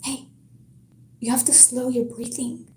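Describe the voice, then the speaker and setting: A woman whispering a book aloud and voicing a scared teenage boy who urgently tries to calm his friend. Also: fairly high pitch, unhurried, roomy sound, a little hiss or hum, close to an everyday voice.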